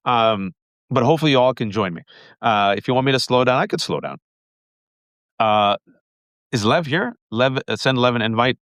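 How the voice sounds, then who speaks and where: A man hosting a political livestream, talking fast and emphatically, often repeating his points. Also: medium pitch, animated, a bit bright, dry recording.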